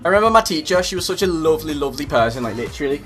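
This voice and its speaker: A young British man spins a casual, foul-mouthed story for his viewers. His delivery is full of comic exaggeration. His voice sits a touch high, with faint music underneath. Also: rapid-fire. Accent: British English. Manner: profane, animated, comedic exaggeration. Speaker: YouTuber.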